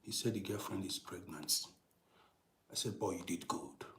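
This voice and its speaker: A middle-aged man telling a personal story in a casual monologue, dropping to hushed whispers and rising to loud, emphatic bursts, often repeating and restarting phrases. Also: low voice, moderate pace, reverberant, a little hiss or hum. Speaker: storytelling channel host.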